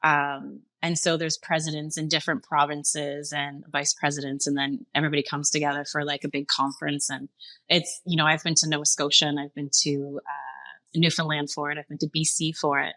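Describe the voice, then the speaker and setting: Brief: middle-aged Canadian woman, chef guest, animated storyteller, low pitch with a bright edge, dry close mic. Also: a little fast, no echo. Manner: animated, acts out dialogue in a higher voice, laughs often. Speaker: chef and restaurant owner, podcast guest. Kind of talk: conversational storytelling.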